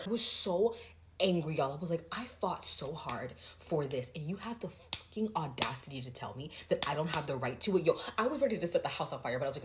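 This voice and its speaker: Young woman, storytime vlogger, lively swinging pitch, chatty filler-heavy delivery. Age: young adult. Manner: animated, fast-flowing, heavy filler 'like'. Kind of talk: storytime vlog.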